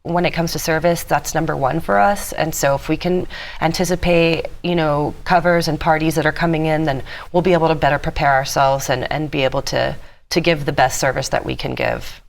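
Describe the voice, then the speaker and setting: A woman being interviewed as a bar co-owner, answering in an earnest, explanatory way with filler pauses. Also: sits low, steady tone, gravelly.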